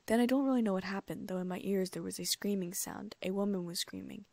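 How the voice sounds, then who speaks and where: A woman narrating a first-person story as an audiobook reader, in an even storytelling manner with hushed asides. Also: mid-range voice, quick pace, gravelly, no echo. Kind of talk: first-person fan fiction reading.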